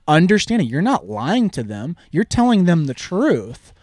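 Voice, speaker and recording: Thirties coach guy, earnest, kinda higher voice, dry close sound. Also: very animated, normal speed, darkish tone, dry recording. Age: 30s. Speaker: youth baseball program coach. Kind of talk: casual podcast chat.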